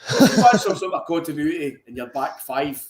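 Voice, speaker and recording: A man's voice: a little high, lively intonation, brisk. Scottish man in an echoey room. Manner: apologetic, searching for words, sweary. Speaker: podcast co-host. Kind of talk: casual football chat. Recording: echoey room with faint ambience.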